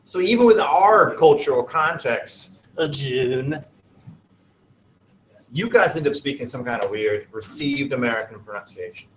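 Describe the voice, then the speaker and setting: A man's voice: mid-range voice, animated, measured pace, roomy sound, slight background noise, rough recording. A man teaching a class in a casual, digressive, joking way. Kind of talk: classroom lesson.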